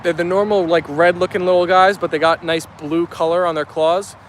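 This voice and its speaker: Reading his live-stream chat aloud, a young man from New Jersey talks casually and cheerfully in a New York Italian accent, with plenty of fillers. His high voice is brisk and fairly even in intonation, over a slight hiss or hum.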